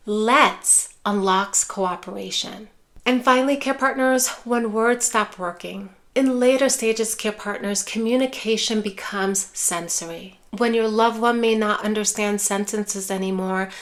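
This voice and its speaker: A woman teaching caregivers how to talk with loved ones who have dementia, speaking in a reassuring way and often calling her viewers care partners. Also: medium pitch. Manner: acts out caregiver phrases softly. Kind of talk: direct-to-camera teaching.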